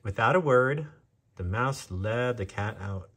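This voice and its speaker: A man's voice: on the low side, animated, fairly bright tone, breathy edge. A man reading a children's fable aloud as narrator. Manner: slow and deliberate. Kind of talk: storybook narration.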